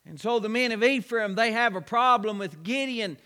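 A male preacher with a very high, sharply bright voice works through a sermon, stacking repeated phrases and rhetorical questions. His words ring out with the long reverb of a large church hall. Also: moderate pace.

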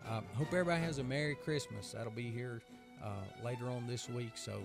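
A man's voice: mid-range voice, fairly quick, gravelly, over music. A man from North Carolina with a Southern American accent, a pastor hosting a radio talk in a folksy way, repeating phrases and asking rhetorical questions.

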